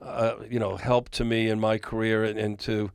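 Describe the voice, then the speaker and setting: Animated older male storyteller. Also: lowish voice, normal speed, gravelly, smooth, no echo, clean studio sound. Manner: animated storyteller, chuckles often. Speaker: record executive guest. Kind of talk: anecdote in a podcast interview.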